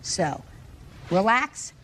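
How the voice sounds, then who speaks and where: A woman presiding as judge over a courtroom case, directing the parties firmly and briskly. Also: mid-range voice, lively intonation, slight background noise. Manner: firm, brisk, briefly hushes interruptions.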